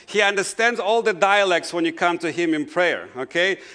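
A middle-aged pastor with a non-native English accent, preaching a conversational sermon full of "you know" asides. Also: male voice, high-pitched, lively intonation, normal speed, sharp tone.

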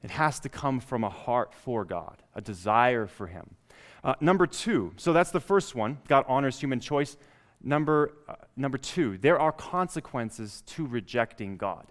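A man's voice: mid-range voice, lively intonation, unhurried. A man preaching a sermon, reading scripture aloud and building up emphasis on key lines. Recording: long reverb of a hall.

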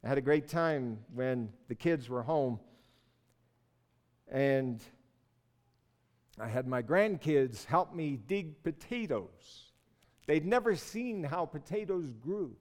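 A man's voice: on the high side, lively intonation, slow, pauses often, a little mellow, in a large hall. An older man from Newfoundland preaching a sermon, telling the Bible story in an earnest, storytelling way and voicing its figures with rising force.

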